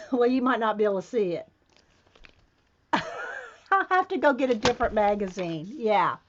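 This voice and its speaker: A woman with a lively, higher voice hosts a casual crafting vlog, chatting to viewers as she works. She talks in an excitable, animated way. The home recording sounds a little dull and lo-fi. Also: moderate pace. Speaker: craft video host.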